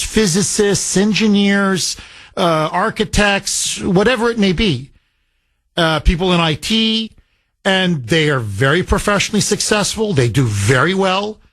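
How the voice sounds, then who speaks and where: A man's voice: high-pitched, a bit bright. A middle-aged man hosting a talk radio show, rambling and emphatic, with frequent fillers and restarts. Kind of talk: talk radio monologue and caller exchange.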